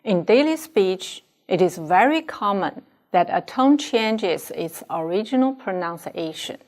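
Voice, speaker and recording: Slow, deliberate woman teaching pronunciation. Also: mid-range voice, animated. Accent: Chinese. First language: Chinese. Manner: deliberate, models pronunciation for students to repeat. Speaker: Chinese language teacher. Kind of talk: slow, careful classroom instruction.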